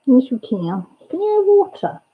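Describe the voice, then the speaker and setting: Speaking at normal speed, a woman with a husky, high-sitting voice and big pitch swings hosts a casual livestream. As a mother, she greets viewers by name and chats with her off-camera family; the recording sounds dull and lo-fi.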